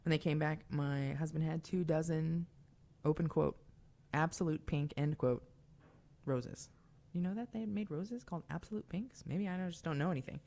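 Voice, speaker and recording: With a warm, low-pitched voice and a moderate pace, a young woman runs a call-in radio show. She chats in a confiding, casual way, sprinkling in fillers and asides.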